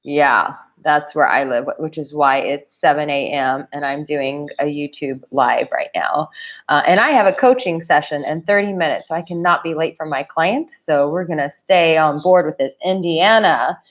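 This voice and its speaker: A woman's voice: low voice, moderate pace, lo-fi sound. A woman dating coach chatting casually on a live stream, bubbly and laughing often as she greets viewers. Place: home in Bali, early morning.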